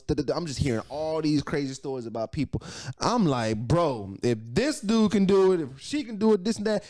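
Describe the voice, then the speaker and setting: A man in his thirties telling a personal story in casual chat, animated and profane, repeating phrases for emphasis. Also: on the high side, fairly quick. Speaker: podcast guest, entrepreneur.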